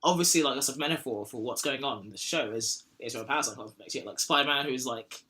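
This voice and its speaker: Bright, rambling young male podcast host. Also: mid-range voice, fast. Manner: rambling, jokey, slips into silly put-on voices. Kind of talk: casual podcast chat.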